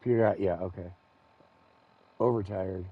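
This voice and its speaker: A man's voice: low voice, fairly even intonation, unhurried, phone-quality sound. A man casually commenting on his gameplay, rambling and interrupting himself. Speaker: game streamer.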